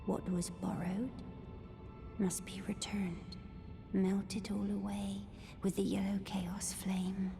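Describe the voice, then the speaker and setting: Casting an ancient female spirit of chaos, whispered and gravelly, game cutscene with a long hall echo. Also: medium pitch, flat delivery, slow, music in the background. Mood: ominous. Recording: echoey game cutscene audio with loud score.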